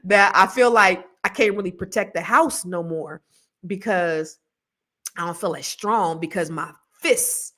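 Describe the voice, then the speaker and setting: A woman's voice: lowish voice, unhurried, fairly bright tone. A middle-aged woman hosting a podcast in a casual, rambling way, laughing often. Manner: chatty, rambling, laughs a lot, slangy. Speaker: podcast host. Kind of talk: casual chat with viewers.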